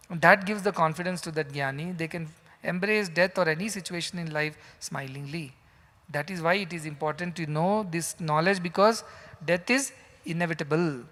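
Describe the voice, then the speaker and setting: A man's voice: sits high, a bit bright. A man giving a sermon as a spiritual teacher in a large hall, emphatic and full of rhetorical questions. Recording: long hall reverb.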